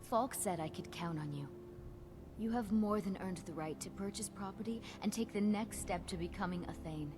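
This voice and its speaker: A stately young queen, voiced by an actress in a fantasy video game speaks with calm, formal graciousness. The line plays from the game itself, with music clearly audible underneath. Her voice sits in an ordinary middle register. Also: medium pitch, normal speed, natural voice. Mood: gracious. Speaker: game character. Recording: game audio, music behind.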